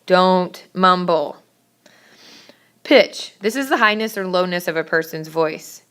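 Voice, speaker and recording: A woman teacher giving a brisk, emphatic classroom lecture on public speaking, scolding her students now and then. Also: on the low side, fairly bright tone, clean tone.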